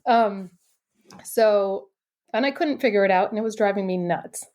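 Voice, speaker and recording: A woman guest on a podcast telling a personal story in an animated, chatty way, full of "like" and "you know". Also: mid-range voice, moderate pace. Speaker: podcast guest, intuitive coach.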